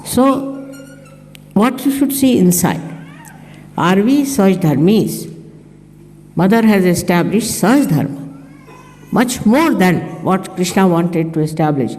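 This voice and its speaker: A woman's voice: darkish tone, slight background noise. An older woman giving a conversational spiritual talk, telling anecdotes and acting out the voices of the people in them. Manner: conversational, tells anecdotes, acts out quoted speech in a higher voice. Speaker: spiritual teacher. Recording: archive recording in a reverberant hall.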